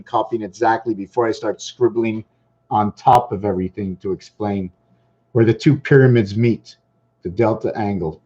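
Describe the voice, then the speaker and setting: A man's voice: medium pitch, darkish tone. A man hosting his own casual video, distracted and thinking aloud, repeating himself as he clicks around. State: losing his voice. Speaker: channel host. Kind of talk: rambling casual livestream talk. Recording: dull lo-fi recording.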